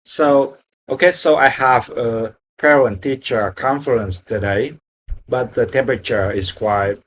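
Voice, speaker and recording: A young man learning English, speaking haltingly and searching for words, often apologizing in a casual practice conversation. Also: mid-range voice, a bit bright, a little hiss or hum, low-quality recording.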